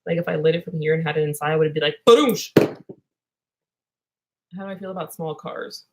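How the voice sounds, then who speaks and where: A woman's voice: deep voice, fairly even intonation, rapid-fire, very noisy. A woman streaming live, chatting with viewers in a scatterbrained, silly way and breaking into improvised songs. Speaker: livestream host answering chat. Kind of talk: rambling livestream chat with improvised singing.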